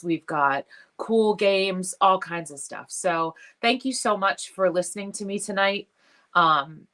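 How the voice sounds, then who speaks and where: A woman's voice: on the low side, fairly bright tone. Tearful woman hosting a live stream. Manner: emotional, heartfelt, halting with many fillers. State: tearful, has been crying. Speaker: jewelry business live-stream host. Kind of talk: casual live-stream talk to followers.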